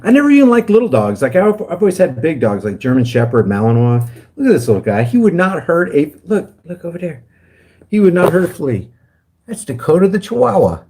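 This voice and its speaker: Animated man ranting on a livestream. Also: a little high, fairly quick, breathy edge. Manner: rambling, heated rants. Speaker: guest livestreamer. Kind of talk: casual livestream talk.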